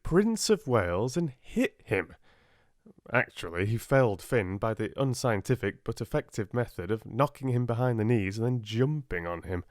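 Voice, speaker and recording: A man calmly narrating a relaxing audiobook for sleep, close to the mic. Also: mid-range voice, no room sound.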